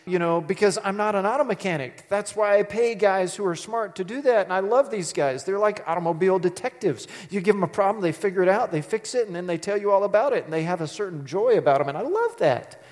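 A pastor preaches in a conversational, storytelling way, leaning hard on key words for drama. His voice sits a little high for a man. A long reverb trails after him through the hall. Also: fairly quick, darkish tone. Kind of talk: sermon.

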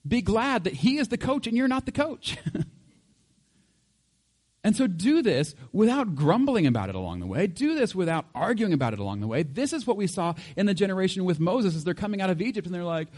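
A man's voice: high-pitched, very animated, fairly quick, a little mellow, long reverb tail. A male pastor preaching a conversational sermon, easygoing and chuckling often, with homely examples. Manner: conversational, laughs often, uses everyday examples.

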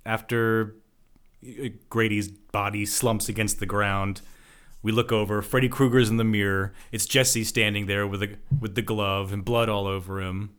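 A man's voice: fairly low pitch, level tone, normal speed, a bit bright, clean tone. A man co-hosting a casual movie-review podcast, recapping scenes in a laid-back way and laughing often. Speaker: podcast co-host.

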